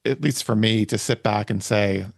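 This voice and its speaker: A man hosting a podcast speaks with heartfelt conviction, his voice carrying a gravelly rasp. He sounds moved as he talks. The recording is dry and close, with no room sound. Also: on the low side, moderate pace, no room sound. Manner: earnest, heartfelt, gets emotional. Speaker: podcast host. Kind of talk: emotional interview conversation.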